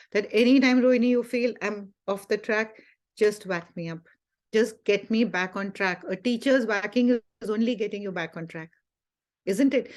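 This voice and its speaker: Woman, spiritual teacher, earnest, conversational testimony. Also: medium pitch. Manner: earnest storytelling with frequent fillers and quoted dialogue. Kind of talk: personal testimony in a Sunday talk.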